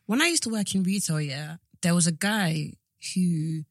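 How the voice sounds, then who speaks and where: A woman's voice: fairly low pitch, moderate pace, dry recording, studio quality. A young woman, co-hosting a podcast in casual chat, telling jokey stories and apologizing often. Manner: lively, apologetic, jokey storyteller. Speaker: podcast co-host.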